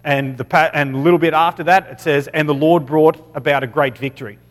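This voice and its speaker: Australian man, Bible talk, slightly high voice, casual, lots of self-corrections, long hall reverb. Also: steady tone, brisk. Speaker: preacher.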